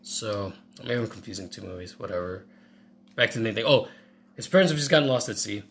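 A man reviewing a movie in casual chat, animated and acting out scenes in quick voices. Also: on the low side, gravelly, slight background noise.

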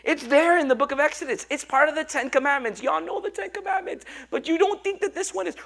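A male pastor preaching a sermon, animated and joking as he coaxes his congregation along. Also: very high voice, fairly quick, gravelly, few pauses. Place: church.

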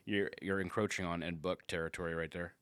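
A man with a low, bright, forward voice riffs loosely through crude jokes, swearing freely and breaking into laughter. The sound is dry and close. Nothing about him is formal; he rambles and restarts as the talk runs on. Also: level tone, fast, clear, resonant tone, no room sound. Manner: loose, profane, laughs often. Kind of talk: crude casual chat.

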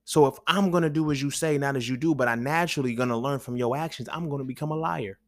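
A man's voice: medium pitch, quick pace, no room sound. A man hosting a podcast, talking in a loose, rambling, profane monologue full of slang, often asking "you feel me". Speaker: podcast host. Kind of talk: casual monologue.

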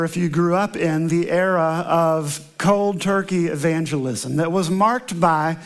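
High-voiced earnest male pastor. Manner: earnest storytelling, emphatic slow repetitions. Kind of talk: sermon with opening prayer.

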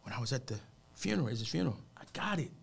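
Gravelly earnest motivational speaker, a man. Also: medium pitch, very animated, racing. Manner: earnest, heartfelt, preacher-like emphatic delivery. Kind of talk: emotional personal storytelling in a radio interview.

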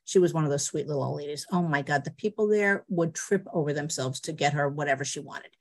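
A middle-aged woman telling personal stories on a video call, animated and laughing often. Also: sits low, quick pace. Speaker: guest speaker. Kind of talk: personal storytelling.

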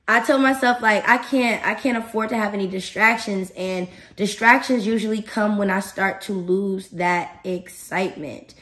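A woman hosting a podcast in a casual motivational talk, animated and emphatic, speaking straight to her listeners. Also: mid-range voice, normal speed, few pauses. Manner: animated and emphatic, addresses listeners directly, acts out her own thoughts. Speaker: podcast host.

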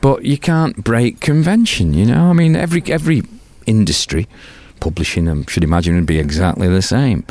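A man's voice: lowish voice, very animated, normal speed, few pauses, darkish tone, dry recording. An older man with a British accent, talking as an interview guest. He tells stories animatedly, swears freely and acts out other people's lines. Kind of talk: casual interview storytelling.

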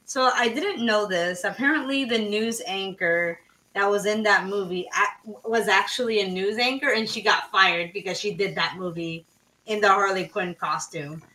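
A woman's voice: mid-range voice, moderate pace, bright, forceful tone, recorded from a distance, low-quality recording. A woman co-hosting a casual movie podcast, chatty, trailing off and using lots of fillers. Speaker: podcast co-host.

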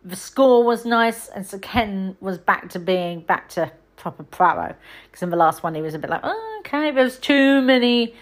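A woman's voice: lowish voice, fairly even intonation, normal speed. A woman hosting a podcast, chatting casually and rambling through film reviews with lots of ums. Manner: chatty, rambling, frequent ums and self-corrections. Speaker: podcast host.

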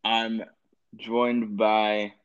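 A man's voice: fairly low pitch, level tone, very slow, clean tone. A man hosting a casual comedy podcast, hesitant and giggly, leaning on fillers. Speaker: podcast host. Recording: dull lo-fi recording.

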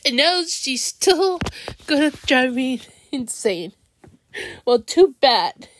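A young woman venting in an upset, halting way, often restarting her sentences. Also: high voice, very animated, slight background noise. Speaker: vlogger. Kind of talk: venting monologue.

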